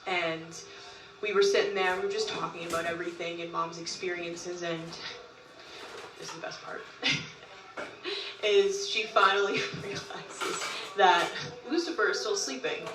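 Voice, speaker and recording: A woman telling a long story in casual talk, animated, often laughing and acting out what others said. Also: lowish voice, a little slow, pauses often, recorded from a distance, over music. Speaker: group member recounting events. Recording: roomy, from off-mic.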